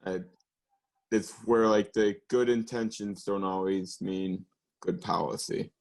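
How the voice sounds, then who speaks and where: A man's voice: sits low, fairly even intonation, takes it slowly, creaky, darkish tone. A young man co-hosting a podcast in casual chat, rambling and profane, laughing often. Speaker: podcast co-host.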